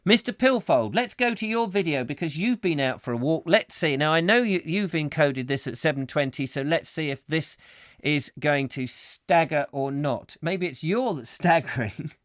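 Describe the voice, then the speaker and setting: A man's voice: on the high side, lively intonation, moderate pace, no echo, clean studio sound. A man hosting a comic live chat show, reading out viewer comments and rambling jokily with rhetorical questions. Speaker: host.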